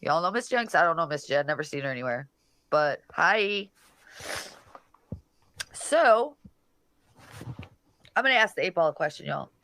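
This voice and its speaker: A woman's voice: low-pitched, animated, measured pace, pauses often, a bit bright, dry recording. A woman hosting a casual livestream, reading comments and mocking people in a brash, profane way. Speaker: livestream host.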